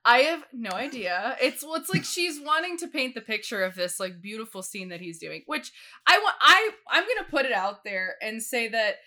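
A woman in her twenties co-hosting a podcast, telling animated stories in casual chat and laughing often. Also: fairly high pitch, moderate pace. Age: 20s. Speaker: podcast co-host.

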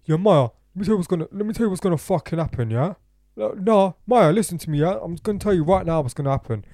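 A woman mimicking a drunk, pushy young man calling late at night, fast and insistent. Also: fairly low pitch, expressive, dark tone, no echo, clean studio sound, voice pushed up. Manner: fast, insistent, repeats "yeah?".

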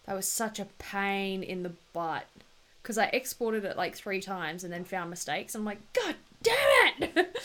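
A woman's voice: mid-range voice, fairly even intonation, normal speed, a bit bright. A woman co-hosting a casual podcast, chatting in an easygoing way and laughing readily. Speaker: co-host. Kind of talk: casual chat.

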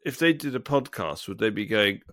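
A man co-hosting a podcast, chatting with animated exclamations and laughter. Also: fairly low pitch, fairly quick. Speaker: podcast co-host. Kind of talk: casual chat.

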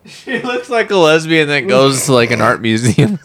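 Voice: mid-range voice, very animated, normal speed, a bit bright, slight background noise. A podcast co-host in a casual comedic chat, laughing often and swearing freely. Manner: crude, laughs often, profane.

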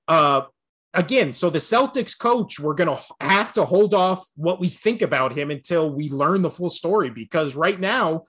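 A man's voice: fairly high pitch, fairly bright tone. A man co-hosting a casual sports podcast, ranting bluntly with lots of swearing and laughter. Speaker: podcast co-host.

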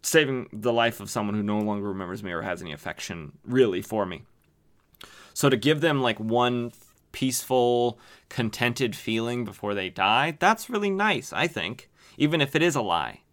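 A male podcast host with a medium-pitched, fairly bright voice talks at a moderate pace with lively intonation. His casual comic book recap is enthusiastic and chatty, peppered with many fillers.

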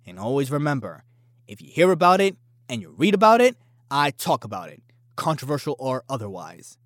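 A man's voice: mid-range voice, sing-song, fairly quick, fairly bright tone, no room sound, studio quality. A man hosting a casual opinion podcast, talking in a brash, boastful and challenging way. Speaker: podcast host.

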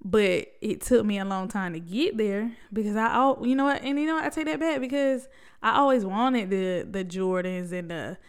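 Smooth-voiced woman podcasting solo. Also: medium pitch, moderate pace. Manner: conversational and reflective, with many fillers and rhetorical questions. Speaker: podcast host.

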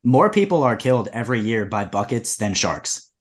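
A young man co-hosting a comedy podcast, telling made-up stories in a deadpan, casual way. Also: medium pitch, normal speed. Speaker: podcast co-host.

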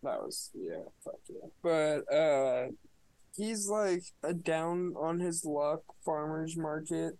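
A man's voice: fairly high pitch, slow, darkish tone, dry recording, poor audio. A man co-hosting a podcast, giving a casual movie review in a sarcastic, profane, mocking way. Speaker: podcast co-host.

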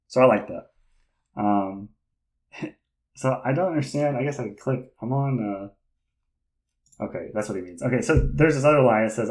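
A man hosting a podcast in casual chat, rambling and hesitant with lots of fillers and restarts, laughing often and getting excited. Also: mid-range voice, moderate pace, long pauses, poor audio. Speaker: podcast host.

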